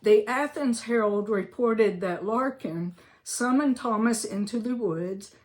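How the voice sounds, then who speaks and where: Slow-talking woman reading history. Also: a little high, a little mellow. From Alabama, US. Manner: chatty, with asides and self-corrections. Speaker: host reading local history.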